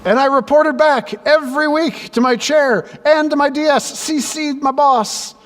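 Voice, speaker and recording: A male pastor preaching a sermon, telling stories and acting out the dialogue with lively energy. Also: very high-pitched, measured pace. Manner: animated storyteller who acts out dialogue. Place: church sanctuary. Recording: echoey church with faint background noise.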